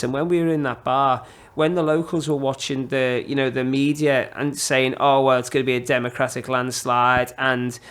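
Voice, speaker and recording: A man's voice: mid-range voice, a bit bright. A man telling travel stories as a podcast guest, rambling with lots of fillers and acting out the people he met. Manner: rambling, full of fillers, acts out quoted voices. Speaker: long-distance runner guest. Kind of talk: casual podcast storytelling.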